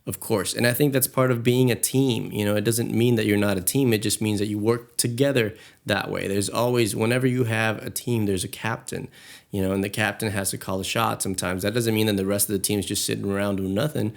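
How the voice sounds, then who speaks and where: Young guy cohosting a podcast, kinda low and gravelly, rambles on earnestly, does little voices for quotes. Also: steady tone, a little fast. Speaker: podcast co-host. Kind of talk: casual chat.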